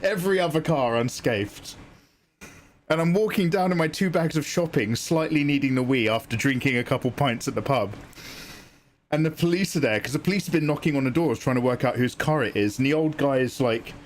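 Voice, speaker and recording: A British man hosting a relaxed live stream, talking to his chat in a loose, rambling way. His pitch sits right in the middle of the usual range for a man, and he swears casually as he goes. There is a faint hiss of noise behind him. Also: fairly quick. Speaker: art streamer.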